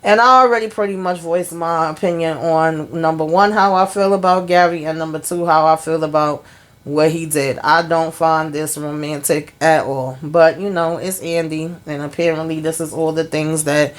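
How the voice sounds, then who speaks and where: Lady with a deep voice doing a laid-back show recap, rambly, lots of "you know". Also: fairly even intonation, normal speed. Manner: chatty, retells scenes with lots of "you know" and "she's like". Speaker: TV show reviewer and channel host. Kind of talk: casual episode recap.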